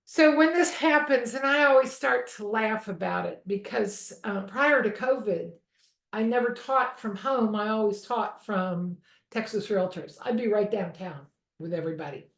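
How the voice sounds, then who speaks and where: A woman's voice: mid-range voice, moderate pace, creaky. A woman teaching a real estate course in a chatty way. She often stops to check in with "okay?" and speaks from a room at home. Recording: echoey room.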